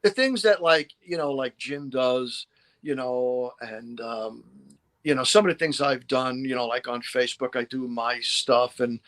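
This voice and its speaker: A man's voice: mid-range voice, a little slow, a bit bright. A middle-aged man, a guest historian, telling stories in a rambling way with constant "you know" fillers. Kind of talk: casual podcast storytelling.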